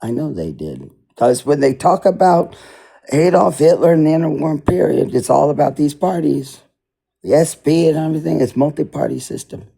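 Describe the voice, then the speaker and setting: A man with a gravelly, husky voice talks in a loose, unscripted monologue. His pitch swings widely as he rambles indignantly, repeating himself and circling back to the same complaints. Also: lively intonation, normal speed, mellow. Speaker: political commentator.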